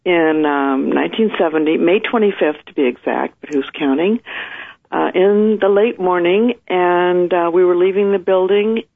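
A woman's voice: lowish voice, normal speed, creaky. A woman guest with her early morning voice, telling her story in a chatty, detailed way full of fillers. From United States. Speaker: interview guest. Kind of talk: recounting a personal story. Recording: tinny phone line.

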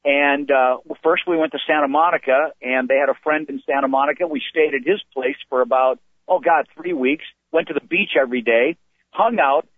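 A man's voice: medium pitch, fairly quick, no room sound. Older man telling stories over the phone. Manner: rambling, animated storytelling with restarts. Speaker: comedian guest. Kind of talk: anecdotal storytelling. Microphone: phone call. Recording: tinny phone line.

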